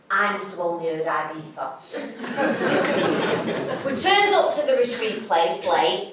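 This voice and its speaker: A woman's voice: fairly high pitch, pushed and bright, a little hiss or hum. A young woman with a Mancunian accent tells a comic stage story, blunt, sweary and self-mocking. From Manchester, England. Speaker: stand-up storyteller. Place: theatre stage. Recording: echoey theatre from a distance.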